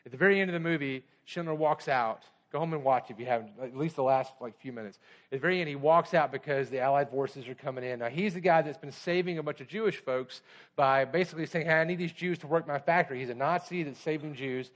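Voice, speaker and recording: A man with a notably high-pitched voice preaches a sermon to his congregation. He drives his points with urgent, emphatic repetition, then eases into relaxed, conversational storytelling. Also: quick pace. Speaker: pastor.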